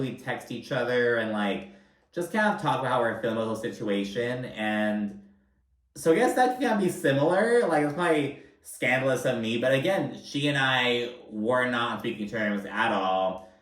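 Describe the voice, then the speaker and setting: A man's voice: medium pitch, far from the mic. A young man giving a casual, chatty reality-TV recap with lots of filler words and swearing. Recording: roomy sound, voice a bit off-mic.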